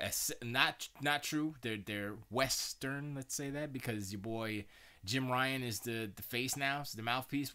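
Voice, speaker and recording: A man's voice: mid-range voice, sharp tone. A man hosting a live stream, chatting casually in a rambling way with many restarts and stammers.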